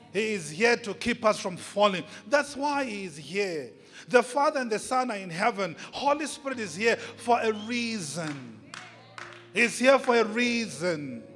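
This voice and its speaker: High-voiced impassioned male preacher. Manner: impassioned, repetitive preaching with loud peaks and soft asides. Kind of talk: sermon. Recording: long hall reverb, faint music behind.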